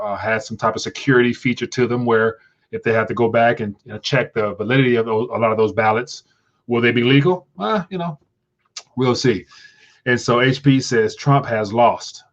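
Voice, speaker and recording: A man's voice: medium pitch, fairly bright tone, highs cut off. A man hosting a casual livestream, talking in a rambling way with frequent restarts and stumbles. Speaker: livestream host.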